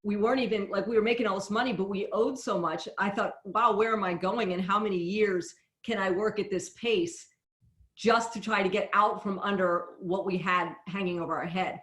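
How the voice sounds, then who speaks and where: A woman's voice: mid-range voice, steady tone, moderate pace, a bit bright, roomy sound. A woman interviewer in a conversational interview, a chatty, candid storyteller.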